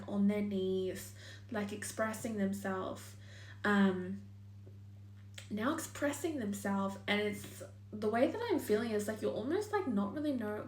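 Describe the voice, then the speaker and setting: A woman's voice: medium pitch, recorded from a distance, slight background noise. Chatty young woman reading tarot. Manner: chatty and thinking aloud, swears, full of likes and ums. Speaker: tarot reader. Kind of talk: casual tarot reading monologue. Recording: echoey room.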